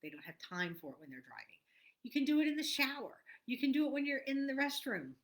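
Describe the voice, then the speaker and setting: A middle-aged woman leading a guided tapping lesson, speaking softly with repeated affirmations and sometimes dropping to a whisper. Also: high-pitched, very animated, fast talker. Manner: soft, repetitive affirmations, drops to a whisper at times. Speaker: tapping coach.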